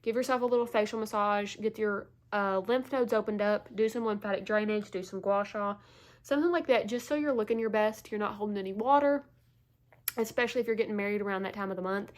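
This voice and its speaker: A woman's voice: mid-range voice, fast talker. Stuffy, chatty woman beauty vlogger. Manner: chatty, filler-heavy, lots of "like" and "um". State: stuffy, out of breath from allergies. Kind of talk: casual makeup tutorial chat.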